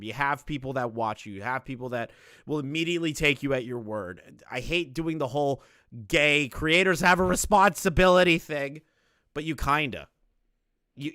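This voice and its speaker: A man's voice: medium pitch, sharp tone, no room sound, studio quality. Blunt, swearing man reacting to clips. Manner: blunt, swearing, laughs often. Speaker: commentary streamer reacting to clips. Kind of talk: casual profane commentary.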